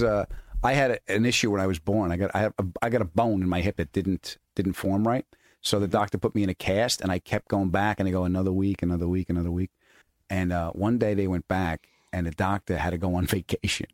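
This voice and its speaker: A man's voice: low voice, steady tone, a little fast, no room sound, clean studio sound. A man hosting a podcast, telling stories in casual chat. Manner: storytelling, laughing, repeats words as he restarts. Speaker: podcast host.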